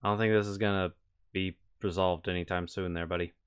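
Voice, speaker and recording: A man's voice: low voice, steady tone, brisk, smooth. A man playing a tabletop game, casual and thinking aloud as he decides. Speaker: player. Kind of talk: tabletop role-play.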